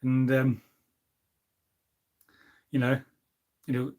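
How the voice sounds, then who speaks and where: A man hosting a casual live stream, rambling and reading out chat comments, drawing out food words slowly. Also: medium pitch, monotone, a little mellow.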